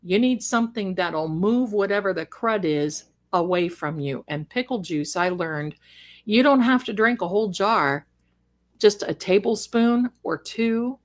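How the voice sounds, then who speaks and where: A woman's voice: medium pitch, animated, measured pace. A middle-aged woman who grew up in Germany, chatting casually and rambling as she answers viewers during a livestream. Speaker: livestream host.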